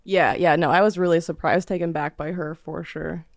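A woman's voice: fairly low pitch, fairly even intonation, moderate pace, no room sound. A woman co-hosting a podcast, giving short agreeing replies in casual chat. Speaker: podcast co-host.

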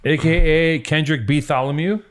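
A man's voice: a little high, moderate pace. A man hosting a podcast, chatting casually and joking around with plenty of swearing. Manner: loose, joking, swears freely. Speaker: podcast host. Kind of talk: casual chat.

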